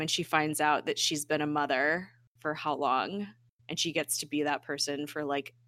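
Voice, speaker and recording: A woman with a low pitch and a bright, forceful tone tells an episode's story in casual podcast chat. She acts out the characters' lines and laughs often. The sound is close and dry. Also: no room sound. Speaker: podcast co-host recapping a TV episode.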